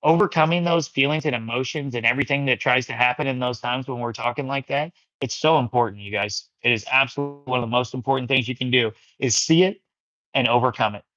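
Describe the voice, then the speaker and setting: An easygoing male host chatting through a livestream fellowship and reading comments aloud, his voice sitting at an ordinary middle pitch. The sound is close and dry, with no room around it. It comes through a little dull and lo-fi. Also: quick pace, bright, forceful tone, dry recording. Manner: easygoing, addresses viewers as you guys and brother. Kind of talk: casual chat reading viewer comments.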